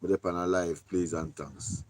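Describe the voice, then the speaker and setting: A Jamaican man talking casually on a live stream, giving shout-outs in loose patois and repeating his catchphrases. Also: low voice, fairly even intonation, a little slow, a little hiss or hum.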